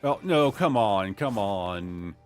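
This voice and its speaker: A man's voice: takes it slowly, faint music behind. A man from Ohio streaming a game, chatting casually with a voice that jumps up and down and bursts out when things go his way. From Ohio, USA. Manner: lively pitch that jumps up and down, excitable outbursts. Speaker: gaming streamer. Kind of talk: casual gameplay commentary.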